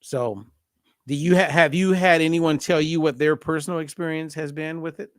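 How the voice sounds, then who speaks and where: A man hosting a casual podcast conversation as a diet coach, telling a story with lively acted-out dialogue. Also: a little high, moderate pace, no room sound, studio quality. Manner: animated storyteller acting out both sides of a phone call.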